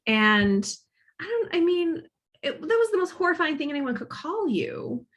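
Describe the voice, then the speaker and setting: She has a high, somewhat bright voice with big pitch swings and a moderate pace. A guest author in her thirties from Northern Kentucky, she speaks with a Midwestern accent lightly inflected by Boston, thinking aloud in a casual, reflective talk at a library.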